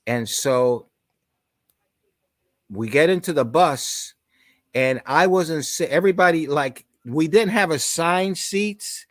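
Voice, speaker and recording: A man in his sixties, a podcast guest, telling stories in conversation and shouting out the lines of the people in them. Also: fairly high pitch, takes it slowly, pauses often, no echo. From New York. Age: 60s. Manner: animated, shouts out quoted lines. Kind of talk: storytelling in conversation.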